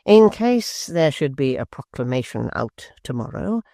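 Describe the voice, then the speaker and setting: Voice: medium pitch, animated, creaky, darkish tone, no room sound, studio quality. A reader voicing Gashford, a silky sneering schemer. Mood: sly. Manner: silky, slow and cold, sometimes near a whisper. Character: smooth, sly, sneering male secretary. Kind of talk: audiobook character voice.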